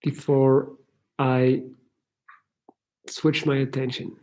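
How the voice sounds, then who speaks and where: Drawing out his words in a level, darkish mid-range voice, a man hosts a livestream Q&A. He answers questions from viewers in a casual, joking way, quick to laugh.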